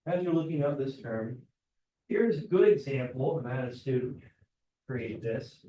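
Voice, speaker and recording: A man's voice: medium pitch, moderate pace, highs cut off, slight background noise. A male teacher giving a casual classroom lecture, often checking in with "right?". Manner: casual, keeps asking "right?". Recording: roomy classroom, mic far off.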